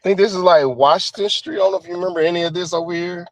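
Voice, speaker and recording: A man's voice: high voice, fairly even intonation, very fast, no echo. A man in his forties calling in by phone from his car at work, talking casually and rambling with lots of "you know" fillers. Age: 40s. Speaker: caller. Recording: dull phone audio.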